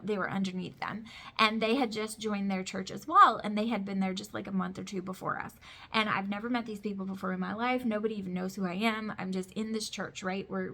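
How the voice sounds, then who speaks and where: Bright-voiced chatty woman. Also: mid-range voice. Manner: chatty, emphatic, storytelling with lots of "like". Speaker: vlogger, mother of boys. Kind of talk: casual talking-to-camera chat.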